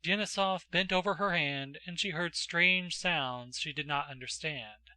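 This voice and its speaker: Male audiobook narrator, classic novel, measured, very bright tone, dry close sound. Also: fairly high pitch, dry recording.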